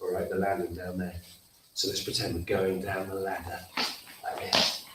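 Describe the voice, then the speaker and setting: A low-pitched theatre workshop leader speaks at a moderate pace as he acts out a story for children and leads them in actions and call-and-response. It was captured in a school hall with echo, faint noise and a far-off mic.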